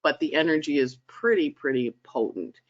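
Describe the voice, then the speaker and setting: A woman's voice: deep voice, moderate pace, dull audio. A woman hosting a weekly astrology forecast in a chatty, dramatic way over a conference call. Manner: animated, chatty, dramatic emphasis. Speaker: astrologer host. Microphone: conference call line.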